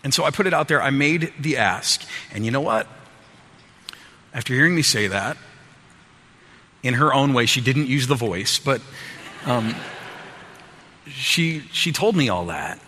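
Speaking to an audience in a sermon-style talk, a man with a sharp, slightly rough mid-range voice tells a personal story at a measured pace, expressive and pausing often. He performs his own quotes with self-deprecating humor, all under a long hall reverb.

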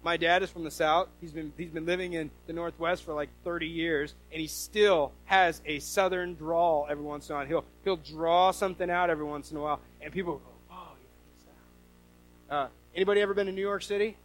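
Animated high-voiced male preacher. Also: fast talker, hardly any pauses, poor audio. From US Northwest. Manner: animated storytelling with quoted voices. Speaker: pastor. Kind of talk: sermon.

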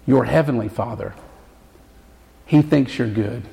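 A man preaching a sermon as a pastor, telling a story earnestly and slowing down to stress key words. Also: mid-range voice, gravelly. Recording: long reverb of a large hall.

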